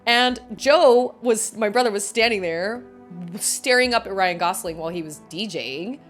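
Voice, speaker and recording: A woman's voice: mid-range voice, moderate pace, faint music behind. A woman in her thirties, a streamer chatting casually and telling stories, acting out quotes with many "like"s. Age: 30s. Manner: animated, acts out quotes, lots of "like". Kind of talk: casual storytelling while gaming.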